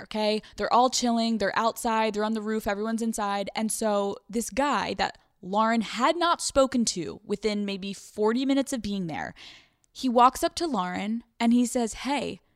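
A woman's voice: mid-range voice, no echo, studio quality. A woman hosting a podcast, telling stories in a brash, profanity-laced comedic monologue. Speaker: podcast host.

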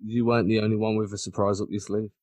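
A man's voice: on the low side, level tone, fast talker, darkish tone, no echo. A man co-hosting a sports podcast in casual chat, blunt, opinionated and teasing. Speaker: podcast co-host.

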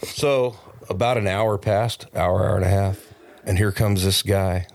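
A man, a podcast guest, telling a long casual anecdote with lots of restarts and animated asides. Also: deep voice, a little slow, creaky. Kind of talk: casual storytelling. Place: recording studio.

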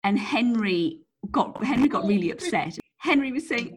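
A woman's voice: mid-range voice, lively intonation, moderate pace, hardly any pauses, breathy edge. A woman co-hosting a podcast, telling a rambling anecdote in casual chat, sprinkling in "like" and swearing freely. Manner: chatty storyteller, swears freely, lots of "like". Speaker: podcast co-host.

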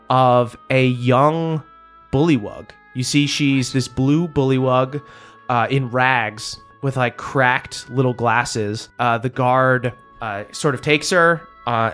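A game master, a man, narrates a tabletop role-playing scene. His telling is relaxed and full of little fillers. Faint music runs in the background. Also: medium pitch.

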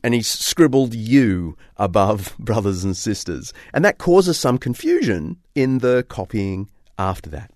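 A man presenting history in a lively storytelling way, quoting old texts aloud. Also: medium pitch, measured pace, no room sound, studio quality. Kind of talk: documentary-style explanation.

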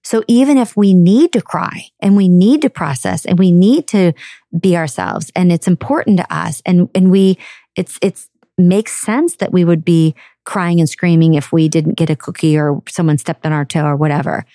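Woman doing a self-help podcast, low mellow voice, chatty and earnest, dry close sound. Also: moderate pace, no room sound. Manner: earnest, conversational, acts out quoted parents. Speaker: podcast host.

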